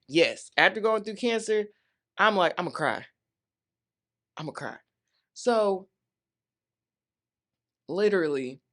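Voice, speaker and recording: A woman's voice: low voice, a bit bright. Woman in her 30s, talk show host, chatty, candid, playful. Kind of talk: casual solo talk.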